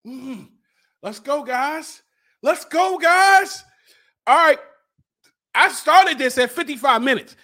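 A young man hosting his own show, joking and yelling while he sweats and burns from a hot pepper challenge. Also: very high voice, measured pace, long pauses. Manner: loud, frantic and joking, yelling and sighing between lines. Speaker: podcast host and life coach. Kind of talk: live reaction during a spicy chip challenge.

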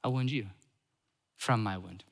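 A man voicing a bitter, brooding older brother who speaks in a low, menacing mutter. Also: unhurried, vocal fry, long reverb tail.

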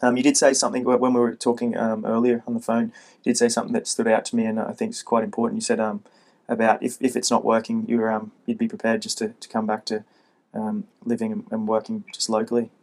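A man's voice: fairly low pitch, monotone, quick pace, darkish tone. A man hosting a casual interview, friendly and matey, with plenty of fillers. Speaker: host.

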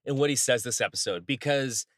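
A man's voice: mid-range voice, a little fast, a bit bright, no echo, studio quality. A man co-hosting a podcast, offering wry, skeptical commentary in casual conversation. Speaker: podcast co-host. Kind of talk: casual chat.

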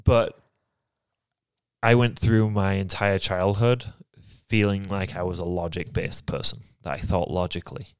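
A man from England, co-hosting a podcast and talking candidly about his life in a reflective, halting way. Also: sits low, fairly even intonation, smooth, no room sound, studio quality. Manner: reflective, halting, soft-spoken. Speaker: podcast co-host. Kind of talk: candid personal conversation.

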